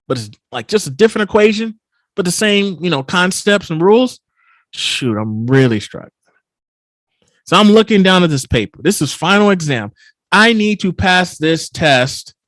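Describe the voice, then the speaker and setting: A man giving a keynote at a virtual summit, telling a personal story in an animated, emphatic way. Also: mid-range voice, no room sound. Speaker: keynote speaker. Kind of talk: storytelling talk.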